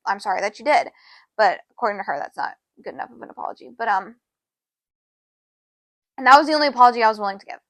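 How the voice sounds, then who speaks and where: A woman's voice: expressive, fast talker, long pauses, fairly bright tone, no echo. A young woman co-hosting a podcast, telling a long personal story in a rambling, casual way. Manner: rambling, fillers like "da, da, da" and "low-key". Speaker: podcast co-host.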